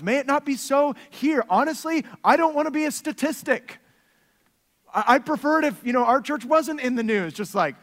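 A man's voice: extremely high pitch, lively intonation, moderate pace, fairly bright tone, in a large hall. A man in his thirties preaching a sermon as pastor, earnest and direct, with playful asides about his family.

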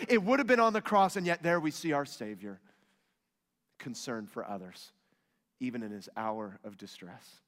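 A man preaching a sermon, swinging from loud emphatic rises to soft hushed lines. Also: mid-range voice, moderate pace. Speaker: pastor. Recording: long hall reverb.

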